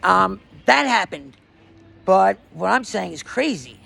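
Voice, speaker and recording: A man's voice: high voice, big pitch swings, takes it slowly, vocal fry, sharp tone. A man in a raw personal monologue, rambling, emotionally distressed and swearing often. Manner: profane.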